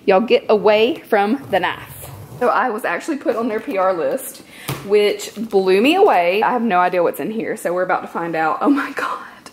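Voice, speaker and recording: A woman vlogging casually into her phone, chatty and gushing with excitement. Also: medium pitch, slight background noise, low-quality recording. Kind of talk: casual vlog chat.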